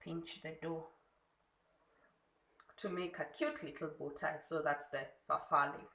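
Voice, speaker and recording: Unhurried Kenyan woman teaching in a kitchen. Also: low-pitched, steady tone, gravelly, sharp tone, echoey room, poor audio. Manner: unhurried, demonstrating step by step. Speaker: food blogger. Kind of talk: cooking tutorial. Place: home kitchen.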